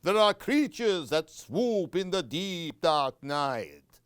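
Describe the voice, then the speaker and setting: A man's voice: fairly high pitch, very animated, slow pace, smooth, no echo, studio quality, voice pushed up. Storybook bat creature with floppy wings, swoops through warnings, done by a man. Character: floppy-winged male vampire bat creature.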